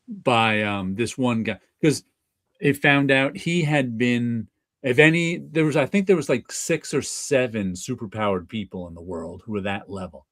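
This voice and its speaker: A man's voice: medium pitch, dry recording, studio quality. A man hosting a casual comic book livestream, talking in a rambling way with chuckles and restarts. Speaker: host of a comic book stream.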